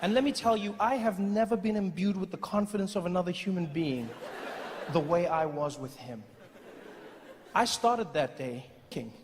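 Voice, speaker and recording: A man doing stand-up comedy on a live stage, telling an animated story and acting out the voices of other people. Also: fairly high pitch, big-room sound, slight background noise.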